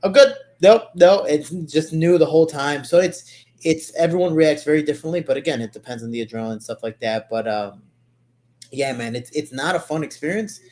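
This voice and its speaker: A man's voice: a little high, a little fast, darkish tone. A man in a casual podcast chat, talking loosely and swearing casually.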